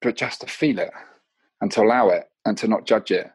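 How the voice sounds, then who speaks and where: A man's voice: lowish voice, a little fast, darkish tone, breathy edge, dry recording. A man in his thirties, a mindset coach, telling personal stories candidly and reflectively in a casual podcast conversation, often restarting his sentences. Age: 30s.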